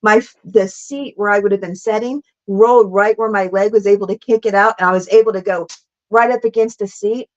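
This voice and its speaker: A middle-aged woman guest telling stunt stories in a lively, laughing, casual way, full of "like" and "super freaking cool.". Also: mid-range voice. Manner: animated, laughing, fast bursts, says "like" and "super freaking cool" a lot. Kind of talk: casual storytelling interview. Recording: slightly dull lo-fi sound.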